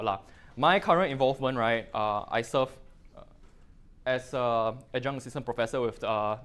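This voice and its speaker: A man's voice: mid-range voice, a bit bright. A middle-aged man with a Singaporean accent gives a technical presentation to an audience, talking informally with lots of fillers and local particles. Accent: Singaporean English. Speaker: guest lecturer.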